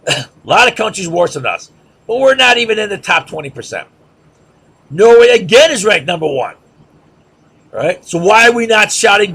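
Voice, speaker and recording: Man, lecturer, husky gravelly high voice, mocking rhetorical style. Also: very animated, moderate pace, pauses often, a bit bright. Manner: sarcastic, mocking chants and repeated questions.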